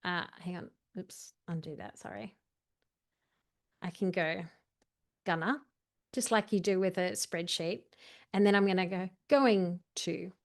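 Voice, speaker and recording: A woman coaching a video editing tutorial, chatty and walking through each step while correcting herself as she goes. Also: mid-range voice. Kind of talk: screen-share editing tutorial.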